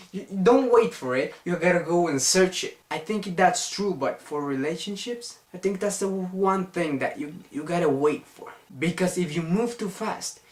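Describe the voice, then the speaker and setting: A young man talking casually to the camera as a vlogger, earnest and chatty, rambling from one point to the next. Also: fairly high pitch. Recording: echoey room.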